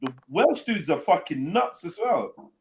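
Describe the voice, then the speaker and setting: A man's voice: high-pitched, big pitch swings, unhurried, slight background noise. A man from London hosting a live panel stream, chatting casually in a laid-back, slangy way, swearing freely and rambling. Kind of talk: casual chat.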